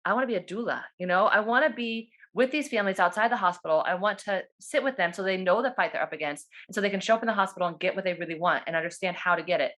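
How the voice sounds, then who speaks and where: A woman talks fast and eagerly over a video call, animated and excited as she tells her own story. Her words tumble out quickly in a casual, personal way, as a doula sharing her experience from home. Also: mid-range voice. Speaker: doula and birth worker.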